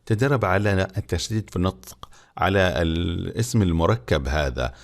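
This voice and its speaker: A man teaching an English textbook lesson, reading the English slowly and explaining it in Arabic. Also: sits low.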